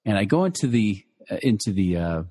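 A man's voice: fairly low pitch, very animated, fairly quick, warm tone, breathy edge, in a large hall. A middle-aged man who teaches personal finance, telling listeners a personal story in a loose conversational way, full of fillers and restarts. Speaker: financial educator.

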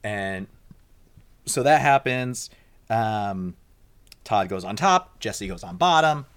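A man on a podcast in casual chat, rambling and self-deprecating, with sudden leaps up in pitch as he talks. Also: animated, slow pace, fairly bright tone, clear, resonant tone. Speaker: podcast co-host. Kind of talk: casual chat recapping a TV episode.

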